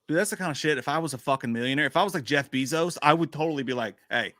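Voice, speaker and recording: A man's voice: fairly high pitch, rapid-fire, a bit bright, no echo, studio quality. A man co-hosting a casual live stream, cursing freely, laughing often and reading chat messages aloud. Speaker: podcast co-host.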